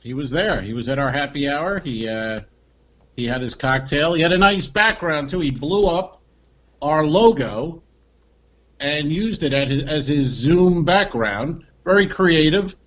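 A man's voice: a little high, animated, a little slow, a bit bright. A man co-hosting a comedy podcast in loose casual banter. He talks in a dry, meandering way, full of fillers and restarts. The audio is a little dull and lo-fi.

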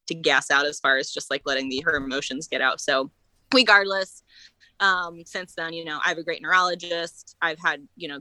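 A woman's voice: low voice, no echo, poor audio. A woman in her late twenties, telling a personal story in casual conversation with frequent laughs and fillers. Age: late 20s. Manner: animated, laughs often, many fillers. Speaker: guest sharing her story.

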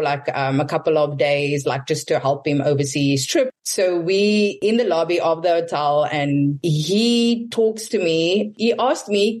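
A woman telling a personal story in casual podcast chat, animated and acting out the people she quotes. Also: on the low side. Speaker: guest telling her story.

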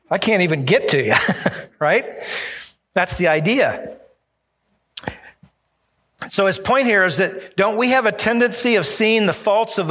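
A man's voice: a little high, bright, forceful tone. A male pastor preaching a sermon, emphatic and acting out the voices he quotes.

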